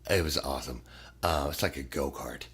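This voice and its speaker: A man's voice: very deep voice, brisk, husky. A middle-aged man, a podcast guest, telling stories in casual chat and acting out the people in them. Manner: animated storyteller, acts out quoted voices, swears freely.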